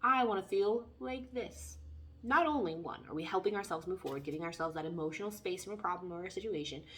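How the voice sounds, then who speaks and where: A young woman giving a casual, playful tarot reading, chatty and animated as she talks through the cards. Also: fairly low pitch, quick pace, a little hiss or hum. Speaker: tarot reader.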